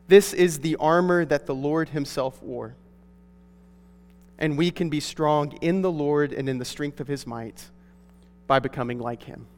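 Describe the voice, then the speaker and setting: A man's voice: fairly high pitch, measured pace, darkish tone. A pastor delivering an earnest, emphatic sermon to his congregation in a church. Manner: earnest, emphatic preaching with rising stresses. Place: church sanctuary. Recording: long hall reverb.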